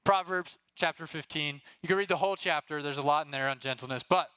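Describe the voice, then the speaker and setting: A young man leads a youth group sermon in a loose, chatty way and keeps asking "right?" to check in with the room. His voice sits a bit high, bright and forceful. It is crisp and clean, recorded dry and close. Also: fast, no echo. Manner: casual and energetic, often checks in with "right?"; talks straight to the group and gets them to call out answers. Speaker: youth pastor.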